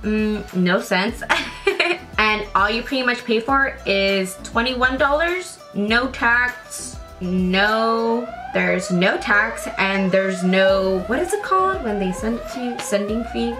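A woman's voice: medium pitch, measured pace, over music. Chatty young woman doing a makeup unboxing. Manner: chatty and loose, swears casually, thinks aloud. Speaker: beauty vlogger. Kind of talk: casual makeup unboxing chat.

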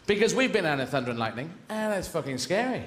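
A man performs stand-up, rambling with profane, mock-indignant tangents. His voice sits fairly high for a man. The live venue is roomy and echoey, with audience noise behind him. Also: sing-song, fast. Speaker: stand-up comedian. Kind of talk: stand-up comedy.

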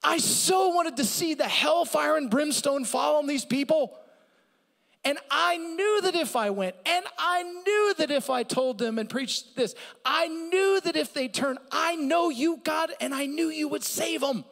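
A man's voice: very high voice, unhurried, gravelly, fairly bright tone, in a large hall, voice pushed up, full character voice. A man putting on an indignant, resentful prophet. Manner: exasperated, raised and emphatic.

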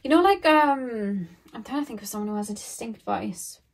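A woman's voice: fairly high pitch, expressive, normal speed. Chatty woman doing a tarot reading. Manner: loose and rambling, thinking aloud with many fillers. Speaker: tarot card reader. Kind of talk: casual pick-a-card tarot reading.

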